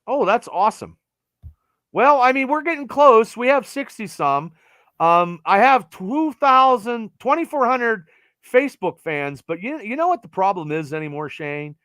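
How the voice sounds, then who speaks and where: Middle-aged male sports podcast host, rambling casual chat, dry close mic, slightly high voice. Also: unhurried, no room sound. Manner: rambling, animated, trails off with fillers.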